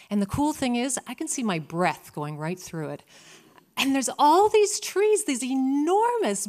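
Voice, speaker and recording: A woman in her fifties from Canada, telling a personal story with animated, dramatic comic timing. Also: medium pitch.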